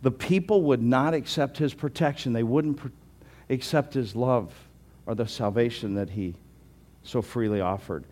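A male pastor delivers a sermon with earnest emphasis, pressing some phrases hard and dropping others low. His pitch sits in a middle range for a man, and he speaks in a steady, unhurried way with occasional stumbles and restarts. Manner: earnest, emphatic preaching with restarts and swings between loud and quiet.

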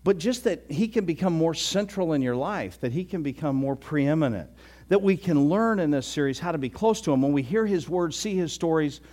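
Folksy older pastor chuckling through a sermon. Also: male voice, on the high side, lively intonation, fairly quick, a little mellow. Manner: folksy, repeats and restarts, chuckling often. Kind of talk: conversational sermon.

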